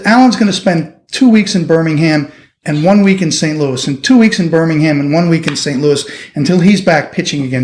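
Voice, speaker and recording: A middle-aged surgeon from the United States telling a lively anecdote in an interview, acting out the people he quotes. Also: fairly high pitch. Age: 50s. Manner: animated anecdotal storytelling, acting out quoted voices. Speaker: orthopedic surgeon guest. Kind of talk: storytelling interview.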